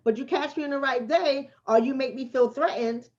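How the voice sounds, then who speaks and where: A woman's voice: high-pitched, normal speed, few pauses, a little mellow, lo-fi sound. A woman from the Bronx, hosting a casual livestream and answering her chat in a blunt, streetwise way that repeats points for emphasis. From the Bronx, New York City. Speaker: livestream host and relationship coach.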